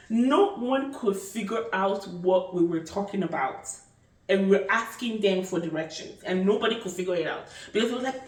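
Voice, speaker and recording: A young adult woman vlogger tells a story in a casual, animated way, full of fillers. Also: mid-range voice, moderate pace. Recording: echoey room, mic at a distance.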